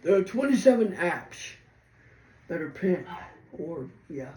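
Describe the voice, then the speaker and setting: A man's voice: high-pitched, very animated, slow, darkish tone. A man hosting a casual computer walkthrough, explaining in a rambling, hesitant way with many restarts. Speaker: tech video host. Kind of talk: casual screen-reader walkthrough. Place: indoors at a computer. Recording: roomy room with faint noise.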